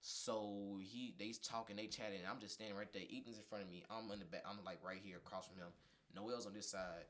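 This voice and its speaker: Fast-talking deep-voiced young man storytelling. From Indiana. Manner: animated storyteller, acts out quoted dialogue. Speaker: podcast guest, fashion designer. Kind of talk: casual storytelling.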